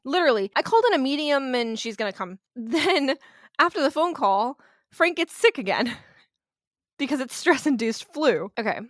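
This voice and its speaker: A woman's voice: high-pitched, big pitch swings, normal speed, no room sound, clean studio sound. A woman co-hosting a podcast, retelling a haunting in a blunt, sarcastic way, swearing and laughing as she goes. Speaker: podcast co-host. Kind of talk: casual storytelling chat.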